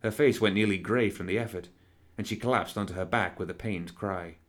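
A man narrating an audiobook in a measured, even storytelling manner. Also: fairly low pitch.

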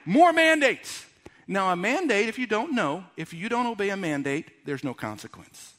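A man preaching a lively sermon, with announcer-style bursts and quiet asides. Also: high voice. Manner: drops to quiet, intimate tones. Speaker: pastor.

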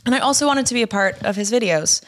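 A woman's voice: on the high side, animated, fast. Giggly, stoned young woman podcaster. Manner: giggly, swearing, rambling. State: high. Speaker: podcast co-host. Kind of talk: casual stoner podcast chat.

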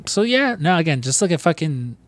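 A man's voice: fairly high pitch, sing-song, brisk. A young man co-hosting a podcast in casual chat, rambling and swearing freely with lots of fillers and restarts. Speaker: podcast co-host.

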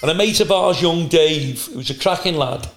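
A male stand-up comedian telling profane, animated anecdotes in a casual podcast chat. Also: on the high side, normal speed, slight background noise. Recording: roomy echo.

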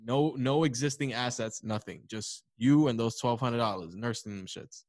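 A young man, co-hosting a casual podcast chat, swearing freely and telling animated stories. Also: mid-range voice, normal speed, dry recording. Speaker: podcast co-host.

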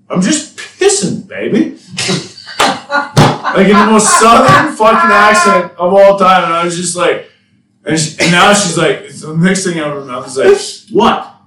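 A man telling a rambling story to friends in casual podcast chat, swearing freely and getting loud at the punchlines. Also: on the high side, distant mic, noisy background. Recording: echoey room, off-mic, faint ambience.

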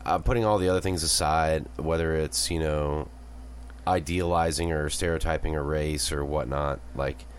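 A man co-hosting a podcast in casual chat, relaxed and dropping in short remarks. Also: a bass voice, moderate pace, clear, resonant tone. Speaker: podcast co-host.

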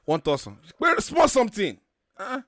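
A man's voice: high-pitched, very animated, moderate pace, fairly bright tone, dry recording, clean studio sound. A man, co-hosting a casual group chat and telling boastful, joking stories with some swearing.

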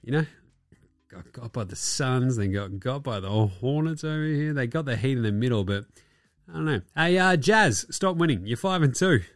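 A man's voice: medium pitch, lively intonation, moderate pace, no room sound, studio quality, faint music behind. Sweary man ranting about basketball. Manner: profane, sarcastic, with mocking put-on quotes. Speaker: podcast host. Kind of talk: ranting sports commentary.

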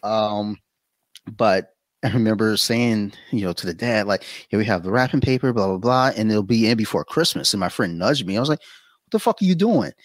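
A man chatting casually as a podcast guest, telling blunt, profane stories with animated quoted asides. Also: lowish voice, brisk, dry recording. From Saudi Arabia.

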